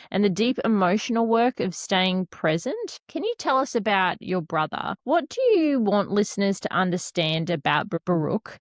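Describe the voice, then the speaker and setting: A woman hosting an interview podcast, speaking in a reflective, measured way before asking her guest a question. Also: mid-range voice, no echo, clean studio sound. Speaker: podcast host.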